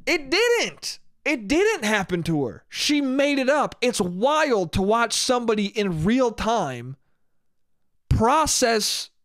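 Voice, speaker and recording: A man's voice: very high-pitched, very animated, slow, fairly bright tone, dry recording, clean studio sound. A man hosting a solo podcast, telling a story in a profane, exasperated way. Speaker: podcast host. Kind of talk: casual solo podcast monologue. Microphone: podcast microphone.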